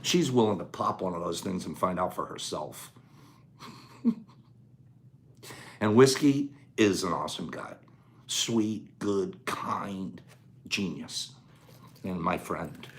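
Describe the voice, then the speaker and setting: A man's voice: low voice, animated, takes it slowly, long pauses, slight background noise. Laughing, rambling male storyteller. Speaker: host. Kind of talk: casual storytelling chat.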